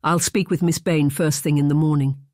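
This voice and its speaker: A man's voice: on the high side, steady tone, moderate pace, a little mellow, dry recording, studio quality, natural voice. A narrator voicing a weary nobleman. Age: 30s. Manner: tired, tense, clipped. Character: weary, troubled nobleman in his thirties.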